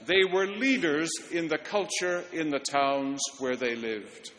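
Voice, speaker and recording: Brief: male pastor, storytelling sermon, slightly high voice, long reverb. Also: a little slow. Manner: storytelling, warmly earnest, stumbles on repeats. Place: church.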